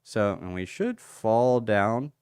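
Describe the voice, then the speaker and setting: Slow-talking, smooth-voiced man hosting a livestream. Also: on the low side, very animated, a little mellow, no room sound, clean studio sound. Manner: chatty, reads out viewer comments and thinks aloud. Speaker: crypto livestream host. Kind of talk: casual livestream chart analysis.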